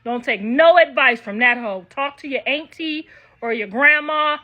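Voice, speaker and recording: A woman's voice: high-pitched, measured pace, muffled recording. An older woman ranting to her viewers in a brash, profane, casual way. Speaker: online commentator.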